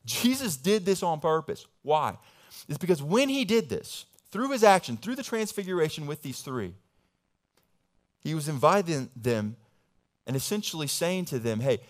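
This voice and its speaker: A young male pastor delivers a sermon with a slightly high voice. He talks casually and with animation. He rises to loud, eager emphasis, then drops to low, quiet asides. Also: sing-song, normal speed.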